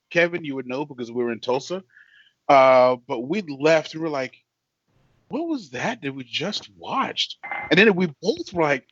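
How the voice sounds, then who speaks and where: A man with a high, wildly swinging voice tells stories in a casual chat, throwing himself into exaggerated voices for the people he quotes. The sound is dry and slightly dull, like a lo-fi recording. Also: dry recording. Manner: animated storytelling, acts out quotes in exaggerated voices. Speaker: co-host.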